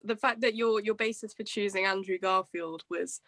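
A woman's voice: medium pitch, steady tone, moderate pace, fairly bright tone, no echo, clean studio sound. A woman co-hosting a podcast who chats in a playful, teasing way. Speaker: co-host. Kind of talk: casual podcast chat.

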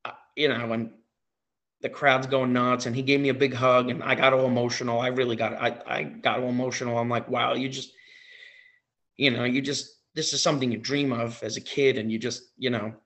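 This guest, a man known for impersonating wrestlers, narrates a story in an excited, offhand way with frequent fillers and repeats. He has a mid-range voice and a brisk delivery.

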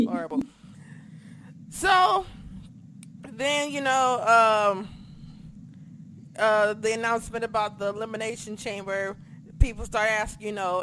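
Host type: lively, foul-mouthed recap talker who yelps out their reactions, faint hiss behind. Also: mid-range voice. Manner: excitable, swears, acts out reactions. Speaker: podcast co-host. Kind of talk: casual wrestling recap chat.

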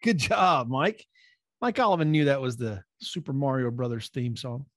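A man's voice: medium pitch, moderate pace, no echo, studio quality. A man hosting a sales meeting on a video call, announcing results in an upbeat way.

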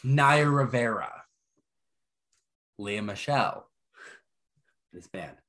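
A man with a fairly low voice that swings widely up and down as he talks. He recaps casually, full of "um" and quick laughs. It sounds like relaxed podcast banter. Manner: animated, laughing recaps with many fillers. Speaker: podcast co-host. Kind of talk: casual chat.

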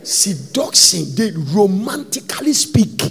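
A man preaching an animated sermon, dropping into Twi phrases and breaking into shouts. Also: high voice, slow pace, creaky, long reverb tail. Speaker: pastor.

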